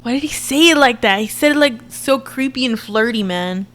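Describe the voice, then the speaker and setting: A woman in her twenties giving a chatty, expressive reaction commentary to her viewers. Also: fairly high pitch, normal speed, slight background noise. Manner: chatty and expressive, frequent laughs and asides to viewers. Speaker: reaction vlogger.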